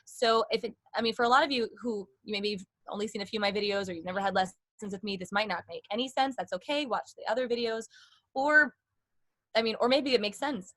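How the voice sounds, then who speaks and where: Woman vocal coach, casual and chatty, demonstrates voice placement, fairly high pitch. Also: fast, a bit bright, dry recording. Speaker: singing teacher. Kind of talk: casual voice lesson chat.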